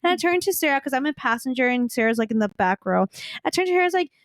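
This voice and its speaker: A woman with a Minnesotan accent, co-hosting a podcast and telling lively stories in casual chat, acting out what her friends said. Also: sits high, rapid-fire, dry recording, studio quality. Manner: animated storyteller, quotes friends. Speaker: podcast co-host.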